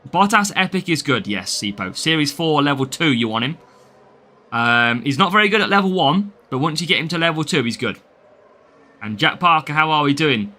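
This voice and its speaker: Chatty English streamer, slightly higher voice, reads chat and greets viewers. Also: male voice, lively intonation, normal speed, sharp tone. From England. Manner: chatty, greets viewers by name, laughs often. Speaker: game streamer. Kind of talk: live gameplay stream, reading chat.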